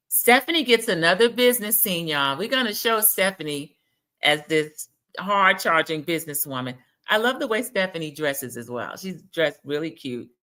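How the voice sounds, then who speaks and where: A woman's voice: on the low side, pushed and bright. A woman hosting a casual, gossipy recap of a reality TV episode, talking straight to her viewers. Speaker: TV recap host.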